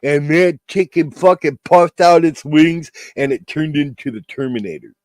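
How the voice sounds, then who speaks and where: A man's voice: fairly high pitch, normal speed, a little mellow, no echo. A man hosting a casual stream chat, telling a rowdy story with acted-out bits and swearing. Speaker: stream host.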